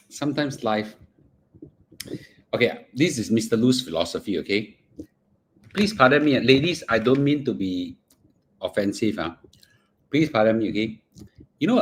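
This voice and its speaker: A middle-aged man with a Singaporean English accent, hosting a casual livestream, chatting in Singlish with bits of Mandarin and murmuring between bites. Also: on the low side. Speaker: finance livestream host.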